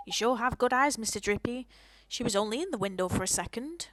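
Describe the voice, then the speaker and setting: An earnest, gentle young boy hero from a video game, as a woman voices him, speaking softly and sincerely. His voice sits fairly high. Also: expressive, a little fast, a little hiss or hum. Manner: earnest and soft-spoken.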